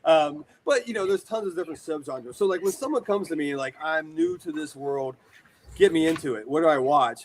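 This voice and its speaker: Animated American man telling stories. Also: a little high, brisk. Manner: animated, rambling storyteller with many fillers. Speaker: guest, horror collector and shop owner. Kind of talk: casual storytelling interview.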